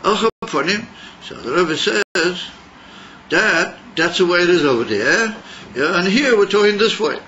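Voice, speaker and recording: A man teaching a Chassidus class, halting and repeating words as he explains, mixing in Hebrew terms. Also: high voice, lively intonation, pushed and bright, a little hiss or hum. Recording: muffled class recording.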